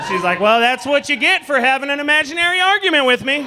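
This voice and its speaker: A man in his forties doing a stand-up comedy set in a club, animated and acting out people with shouted asides. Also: extremely high pitch, quick pace, crowd noise, noisy background. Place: comedy club stage before a live audience.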